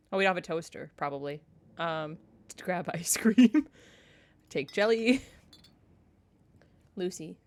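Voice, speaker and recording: Giggly woman reading a game aloud. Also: medium pitch. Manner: giggly, chatty, reads narration then comments. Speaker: let's-play streamer. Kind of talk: casual game playthrough, reading game text aloud.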